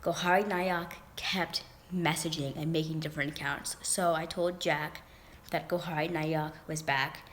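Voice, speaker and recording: A woman's voice: sits low, steady tone, a little slow, fairly bright tone, a little hiss or hum. A young woman vlogger rambling through a casual story, with lots of fillers and restarts.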